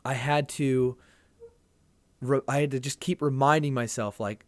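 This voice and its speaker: A podcast guest, male, tells a long personal story in an unhurried way, pausing often, his medium-pitched voice fairly even in intonation. It's casual conversation, earnest and rambling, with frequent sentence restarts and no room sound.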